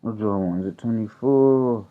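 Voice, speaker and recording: A man's voice: on the low side, fairly quick. A man teaching scripture in a loose, rambling, conversational way, constantly checking in with "right?". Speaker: street preacher. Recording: tinny phone-like audio.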